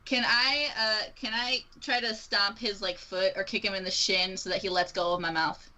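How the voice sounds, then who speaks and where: A woman's voice: mid-range voice, fairly even intonation, normal speed, bright, forceful tone, rough recording. A woman playing a tabletop game, chatty and a bit hesitant. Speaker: player. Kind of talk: tabletop role-play chat.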